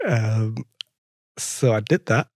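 A young man from France with a French accent tells his story as a podcast guest, laughing often and playing out dialogue with animation in a casual interview. He speaks slowly, his voice on the low side. Clean studio sound, no room sound.

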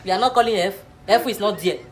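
A woman's voice: medium pitch, fast talker. A woman playing a teacher in a comedy classroom sketch, lecturing preachily and laughing often. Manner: preachy, mock-serious lecturing with frequent laughs.

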